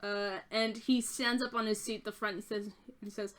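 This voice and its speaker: A woman's voice: mid-range voice, flat delivery, normal speed, a bit bright. A woman narrating a tabletop game as game master, descriptive and full of "uh" fillers.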